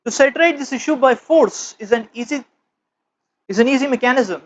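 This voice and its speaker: High-voiced man giving a spiritual talk. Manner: slow, emphatic, measured phrasing. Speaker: spiritual teacher. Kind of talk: spiritual lecture with parable. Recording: dull lo-fi recording.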